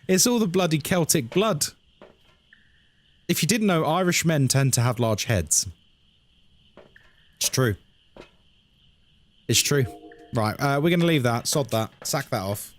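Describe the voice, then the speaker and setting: A man's voice: a little high, lively intonation, measured pace, long pauses. A man, chatting casually and joking with his audience while live-streaming a horror game. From England. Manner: chatty, jokey, self-deprecating. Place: home room by a busy road.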